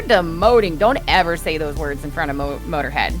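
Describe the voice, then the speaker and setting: A woman playing a tabletop game, talking in an animated, rambling way. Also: sits low, over music. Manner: animated, rambling, quick to laugh. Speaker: player. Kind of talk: casual tabletop play.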